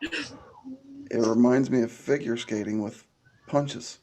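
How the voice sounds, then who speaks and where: A man's voice: mid-range voice, wildly swooping pitch, slow pace, a little mellow, slight background noise. A middle-aged man from the United States, co-hosting a casual chat and joking crudely with plenty of swearing. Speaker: co-host.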